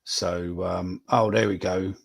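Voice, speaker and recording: A man's voice: low-pitched, fairly even intonation, takes it slowly, creaky. A man, hosting a casual live podcast chat, swearing freely as he reads out viewer predictions. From England. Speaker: podcast host.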